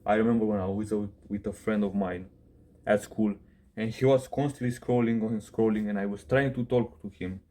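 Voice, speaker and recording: A man's voice: fairly low pitch, fairly even intonation, fairly quick, warm tone. A young man, a self-improvement coach, giving casual advice straight to camera in a blunt rant, swearing, saying "bro" often and correcting himself mid-sentence. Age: young adult.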